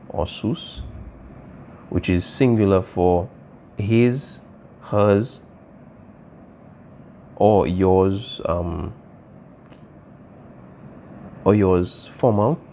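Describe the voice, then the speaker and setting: Mellow low-voiced man teaching a class. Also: slight background noise. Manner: patient, repeats key points, asks "all right?" often. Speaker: Spanish teacher. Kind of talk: classroom explanation.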